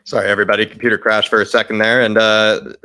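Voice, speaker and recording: A man with an Irish accent hosting a live fan stream, chatty and quick to laugh. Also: fairly low pitch, flat delivery, pushed and bright, smooth, dry recording. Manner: fast, chatty, laughs easily. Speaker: host.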